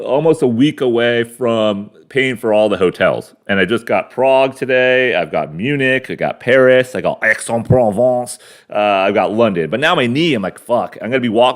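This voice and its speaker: A man in his forties from the United States, hosting a rambling, crude solo monologue full of fillers and restarts. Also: mid-range voice. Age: 40s. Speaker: podcast host. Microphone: camera mic.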